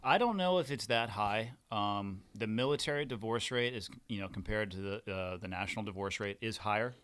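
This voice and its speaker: A man in his thirties tells stories as a podcast guest, steady and matter-of-fact with a dry wit. His voice sits on the low side. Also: brisk, clean tone. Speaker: podcast guest, former Navy SEAL. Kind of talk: casual storytelling chat.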